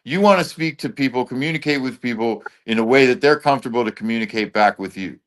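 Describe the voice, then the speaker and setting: A man talking as an interview guest, at an ordinary middle pitch. He speaks loosely and bluntly, leaning on street slang and cursing freely in casual chat. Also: fast, fairly bright tone.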